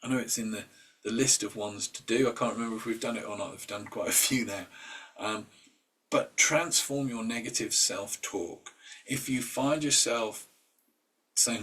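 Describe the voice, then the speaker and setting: A man's voice: medium pitch, normal speed, sharp tone, husky, recorded from a distance. A man leading an informal mindset workshop. He talks conversationally, with fillers and restarts, and acts out inner voices in quoted asides. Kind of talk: informal talk.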